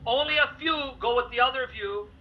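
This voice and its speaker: A man's voice: very high voice, brisk, a little hiss or hum. A man debating religion heatedly, reading scripture passages aloud with force. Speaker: Christian debater. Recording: dull lo-fi audio.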